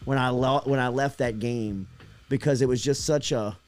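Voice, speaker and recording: A man talks sports in a measured, mid-pitched voice. He moves easily between casual reminiscing and reading short news updates. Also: fairly even intonation.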